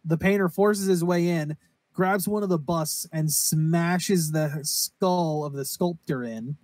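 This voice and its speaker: A man's voice: fairly high pitch, slow pace, darkish tone, dry recording. A man co-hosting a casual podcast, rambling and swearing while he recaps a story and acts out its quotes. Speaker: podcast co-host. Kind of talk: casual chat recapping a horror anime.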